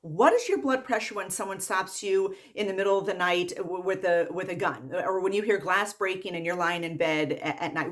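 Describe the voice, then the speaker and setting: A woman's voice: lowish voice, fairly bright tone. Exasperated woman ranting about patients. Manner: exasperated, repetitive, rapid-fire lists. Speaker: medical worker. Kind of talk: ranting vlog monologue.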